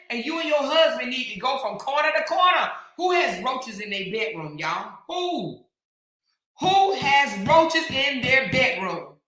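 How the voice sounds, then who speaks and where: A woman hosting a commentary channel, scolding and taunting in a heated rant with drawn-out emphasis and bursts of shouting. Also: a little high. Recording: very echoey room.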